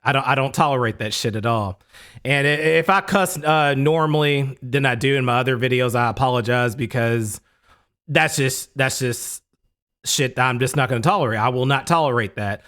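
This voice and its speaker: A man's voice: medium pitch, normal speed, fairly bright tone. A young man casually telling a story to camera, emphatic and profane, often repeating himself. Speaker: storytelling YouTuber.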